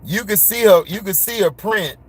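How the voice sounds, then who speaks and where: A man's voice: high voice, normal speed, husky, dry recording. A man ranting casually to his viewers, blunt and full of slang, laughing and getting worked up. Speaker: vlogger.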